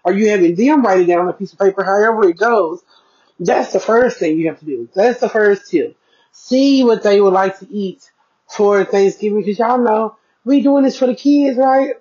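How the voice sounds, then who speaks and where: Chatty mom vlogger, dull lo-fi sound. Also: female voice, medium pitch, moderate pace, darkish tone, husky. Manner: chatty, talks straight to viewers, keeps checking in. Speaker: parenting vlogger. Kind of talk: casual budgeting vlog.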